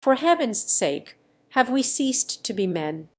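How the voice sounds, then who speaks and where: A woman's voice: fairly high pitch, sing-song, slow, pitched above the performer's own voice, heavily acted. A woman voicing a grave, merciful older male nobleman in an audiobook, speaking in a solemn, restraining way.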